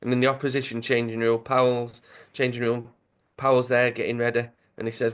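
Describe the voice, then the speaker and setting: On a podcast, a male co-host with a Dudley accent casually recounts a comic football story in a smooth, mid-range voice at a fairly quick pace. He's an animated storyteller who acts out the quotes and corrects himself along the way.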